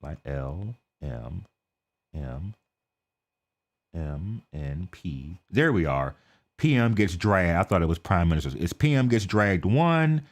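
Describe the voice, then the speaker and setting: Chatty American man streaming live. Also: lowish voice. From United States. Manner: chatty, keeps asking "okay?", drops into quiet mutters while setting up. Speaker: reaction video streamer. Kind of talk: casual live-stream commentary.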